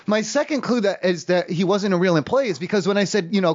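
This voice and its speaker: A man making a deadpan prank call, rambling and hesitant with lots of ums and restarts. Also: sits high, fast talker, highs cut off. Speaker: prank caller.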